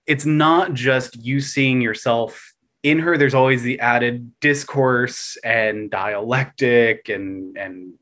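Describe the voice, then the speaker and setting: A man talks casually as a guest on a podcast, animated and profane, with lots of fillers and restarts. He swings between loud, emphatic bursts and quiet, mocking asides, speaking slowly at a medium pitch.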